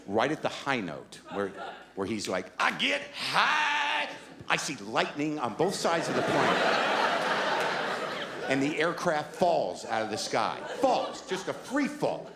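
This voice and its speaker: Middle-aged man, stand-up comic, incredulous rants, lively pitch, echoey club, loud audience noise. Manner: incredulous, animated rants with rhetorical questions. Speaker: stand-up comedian. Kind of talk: stand-up comedy storytelling. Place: comedy club stage with live audience.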